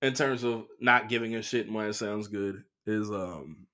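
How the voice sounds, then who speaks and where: A man hosting a comedy podcast alone, telling profane relationship stories with animated acted-out quotes. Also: lowish voice, normal speed. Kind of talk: casual solo monologue.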